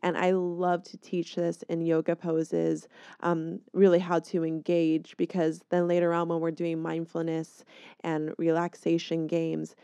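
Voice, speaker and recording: A woman who trains yoga teachers explains her methods in an encouraging tone. Her voice is slightly low, mellow and smooth, and the recording is dry and close. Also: no room sound.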